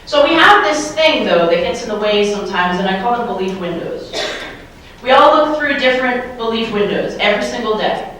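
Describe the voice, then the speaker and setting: On a handheld microphone, a keynote speaker with a rather high, fairly bright voice talks in an animated, brisk way, playfully quizzing her live audience during a motivational talk. The large hall makes the distant recording very echoey, with a bit of hiss or hum.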